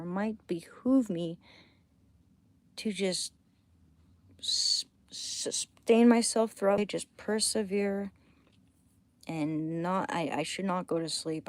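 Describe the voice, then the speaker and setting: A woman chatting casually on a late-night livestream at home, rambling between thoughts and often dropping to a hushed near-whisper. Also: fairly low pitch. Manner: rambling, drifting between thoughts while reading chat.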